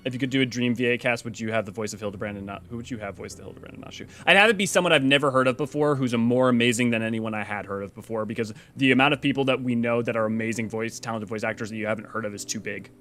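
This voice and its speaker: A man's voice: mid-range voice, racing, few pauses, fairly bright tone. A man hosting a game lore stream, chatting casually and rambling in a self-deprecating way while reading a story. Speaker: lore channel host.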